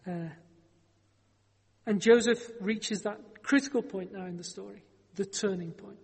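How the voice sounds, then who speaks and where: A man's voice: high voice, moderate pace, husky, long reverb tail. A man preaching a sermon, telling a Bible story in a conversational way with wry joking asides.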